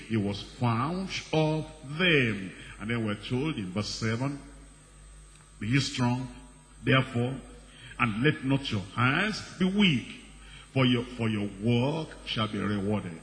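A man preaching a sermon with emphasis, repeating phrases and rising in pitch and volume as he presses his points. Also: a bit bright. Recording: reverberant hall with faint background noise.

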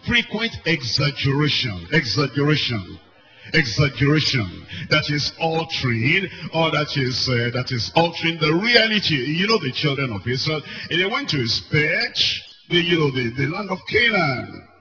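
Emphatic preacher man, bright forceful voice. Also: on the high side, lively intonation, normal speed. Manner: emphatic, repeats key phrases, swings between loud and soft. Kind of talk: sermon. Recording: dull lo-fi recording with faint music. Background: faint music.

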